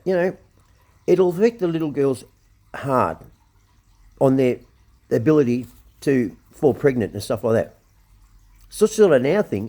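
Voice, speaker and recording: A man's voice: a little high, darkish tone. An Australian man hosting his own show, ranting angrily with lots of swearing and repetition. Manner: swearing, blunt, repeats himself. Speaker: show host. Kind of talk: angry ranting commentary.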